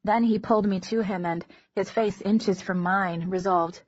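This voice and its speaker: A woman narrating an audiobook in a measured, intimate first-person reading. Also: medium pitch, fairly even intonation, dry recording. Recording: dull lo-fi recording.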